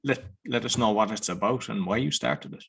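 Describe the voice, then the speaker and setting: A man with a Cork Irish accent, hosting a podcast and asking relaxed, loosely phrased questions. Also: lowish voice, a little fast, creaky, slightly rough. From Ireland. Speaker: podcast host. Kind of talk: casual interview conversation.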